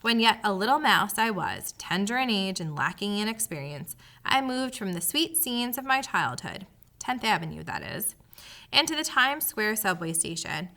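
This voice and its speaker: A woman puts on a small, fretful miser mouse who whines in a high, pitiful voice and turns every sentence flowery. His tone swings widely up and down, and the sound is bright and sharp.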